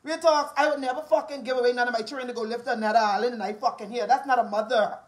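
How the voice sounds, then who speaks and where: Bahamian woman, forties, high voice, angry profane rant, repetitive taunting. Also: steady tone, rapid-fire, poor audio.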